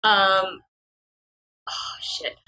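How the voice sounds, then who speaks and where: A woman's voice: medium pitch, little pitch movement, drawn-out words, background noise. A woman player in a casual tabletop game, playful and impulsive.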